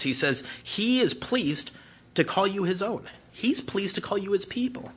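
A man in his thirties preaches with a bright, husky voice, swinging from animated, near-shouted emphasis to a hushed, slow prayer. The church recording sounds dull and lo-fi. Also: high-pitched. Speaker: pastor. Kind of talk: sermon.

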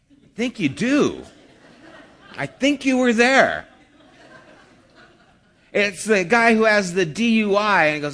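A man's voice: high-pitched, very animated, unhurried, fairly bright tone. A man preaching a sermon in a conversational way, asking rhetorical questions and acting out the people he quotes. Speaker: pastor.

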